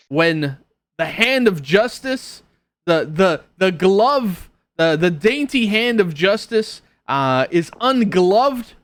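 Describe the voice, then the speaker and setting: A man's voice: high-pitched, fairly bright tone, dry recording, voice pushed up, full character voice. A man voicing a fierce, righteous woman warrior who speaks in grand, old-fashioned proclamations.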